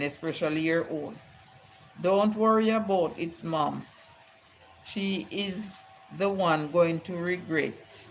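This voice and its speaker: A woman's voice: low voice, slight background noise, rough recording. Rambling older grandmother on stream. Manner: rambling storytelling with Bible sayings. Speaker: live-stream host. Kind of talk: casual live-stream chat.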